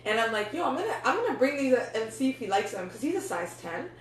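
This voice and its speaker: A woman's voice: fairly high pitch, sing-song, fast talker, far from the mic. Chatty, swearing young woman, echoey room. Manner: loose, chatty, swears freely, says "like" and "yo" a lot. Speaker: meditation coach. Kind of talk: casual vlog talk. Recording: echoey room, voice off-mic, faint noise.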